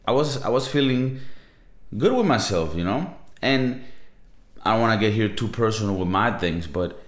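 A man's voice: fairly low pitch, lively intonation, normal speed. A young man with a Latin American Spanish accent hosting a podcast, talking in a casual, profane, slangy monologue. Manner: laid-back, profane, slangy. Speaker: podcast host. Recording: roomy echo.

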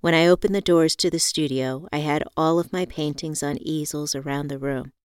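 A woman reads a first-person novel aloud in a calm, measured way. Her voice sits a little low and sounds smooth and crisp, recorded close and dry. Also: no room sound. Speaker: audiobook narrator. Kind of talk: scripted first-person narration.

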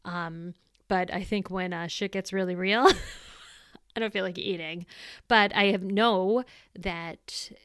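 A woman's voice: on the low side, a bit bright, clean tone, no echo, studio quality. A middle-aged woman hosting a solo podcast, talking candidly and reflectively in a casual, plainspoken way. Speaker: podcast host.

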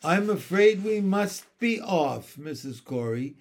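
A man's voice: high voice, lively intonation, slow pace, voice pushed up, exaggerated voice. A man doing a prim, stern nanny. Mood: brisk. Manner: crisp and contemptuous. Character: prim, stern nanny woman, brisk and superior.

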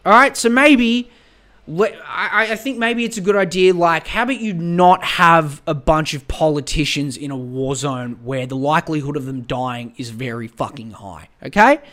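An Australian man in his young adult years rants through a casual podcast monologue, profane and exasperated. His voice sits a touch high for a man, and he circles back over the same words as he vents. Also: normal speed, fairly bright tone. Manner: profane, exasperated, repeats himself. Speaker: podcast host.

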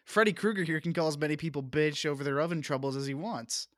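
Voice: medium pitch, quick pace, fairly bright tone, dry recording. Wry, dry-voiced podcast co-host. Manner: wry, laughs at own jokes. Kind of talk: casual chat.

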